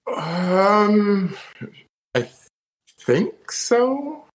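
A man's voice: sits high, sing-song, extremely slow, poor audio. Hesitant male co-host. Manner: hesitant, lots of fillers and restarts. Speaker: podcast co-host. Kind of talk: casual chat.

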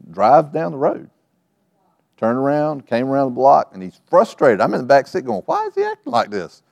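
A middle-aged pastor preaches a sermon to his church in the sanctuary, telling family stories and acting out the voices in them. His medium-pitched voice is creaky with a darkish tone, and the recording has no echo.

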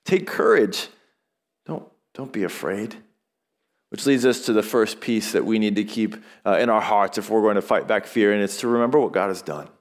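A man's voice: on the low side, steady tone, quick pace, hardly any pauses. A male pastor delivering a sermon in a conversational way, asking rhetorical questions and acting out short quotes.

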